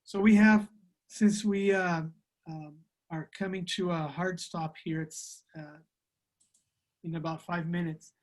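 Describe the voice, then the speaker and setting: Slow, careful male interpreter reading scripture and translating a church class over a video call. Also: sits high, fairly even intonation, darkish tone. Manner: careful, hesitant, with many fillers.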